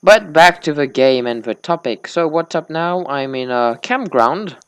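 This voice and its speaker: A man's voice: a little high, animated, measured pace, a bit bright, clear, resonant tone, dry recording. Male let's-play host, sleepy and slurring, rambling chat, dry close sound. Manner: rambling small talk, slurred words. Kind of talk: casual gameplay commentary.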